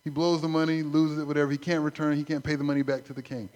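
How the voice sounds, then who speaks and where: A man preaching a sermon, conversational and animated, acting out stories. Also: fairly high pitch, very fast. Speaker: pastor.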